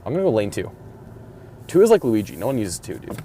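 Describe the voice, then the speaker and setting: A man's voice: lowish voice, very animated, quick pace, mellow, slight background noise. A man hosting a casual solo podcast from his car, rambling and mumbling, with frequent swearing. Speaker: podcast host. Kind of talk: casual solo chat while driving.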